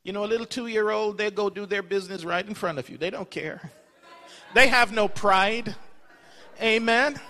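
Man, pastor, sermon, high voice, long hall reverb, folksy stories. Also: fairly quick, few pauses, a bit bright. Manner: storytelling preacher, folksy asides. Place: church sanctuary.

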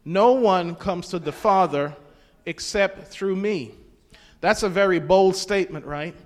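Quoting the Bible in old-fashioned King James language, a preacher poses questions to his congregation. His voice is high and a little slow, and the sound carries a hall's long reverb.

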